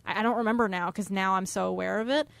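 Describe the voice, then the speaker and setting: A woman's voice: medium pitch, steady tone, quick pace, vocal fry, smooth, dry recording. A young woman co-hosting a podcast, chatting casually about a book, teasing and laughing easily. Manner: giggly, teasing, laughs loudly. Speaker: podcast co-host. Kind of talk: casual book discussion chat.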